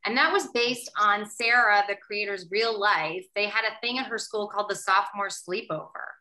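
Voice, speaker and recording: A woman from Canada, a guest in a casual interview, telling stories in an animated way and laughing often. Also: medium pitch, normal speed, poor audio. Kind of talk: casual chat.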